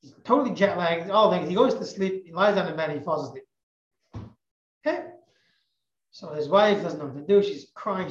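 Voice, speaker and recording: Woman, religious teacher, storytelling a parable, emphatic, repeats herself, dull muffled audio. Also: lowish voice. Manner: animated, emphatic, repeats phrases. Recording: echoey, muffled recording.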